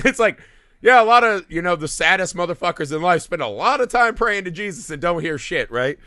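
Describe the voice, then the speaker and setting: A man co-hosting a movie podcast, retelling scenes in a profane, animated way with quick mock voices. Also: high-pitched, dry recording, clean studio sound. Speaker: podcast co-host. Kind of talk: casual movie-review chat.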